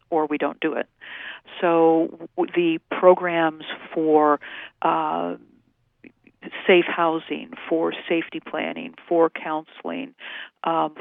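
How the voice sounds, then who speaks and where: A woman who works in domestic violence services, explaining things in a measured way with many fillers during a phone-in radio interview. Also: sits low, creaky, dry recording. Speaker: domestic violence program staff. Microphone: telephone. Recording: tinny phone line.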